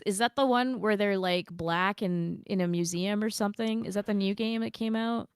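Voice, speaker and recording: A woman's voice: mid-range voice, normal speed, few pauses, clean tone, dry recording, studio quality. A young Canadian woman co-hosting a gaming podcast, reading out stream chat in a casual, chatty way and swearing freely. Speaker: podcast co-host.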